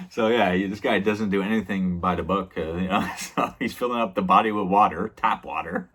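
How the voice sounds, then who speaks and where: A man's voice: fairly low pitch, a little fast, a bit bright. A man casually recapping a TV episode as a reviewer, rambling with many fillers and small laughs.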